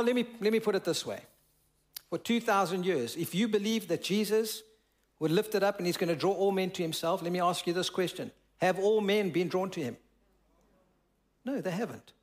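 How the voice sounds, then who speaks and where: High-voiced pastor preaching slowly. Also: male voice. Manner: preaching with slow drawn-out emphasis and asking the congregation questions; reads scripture aloud and explains it. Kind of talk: sermon. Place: church.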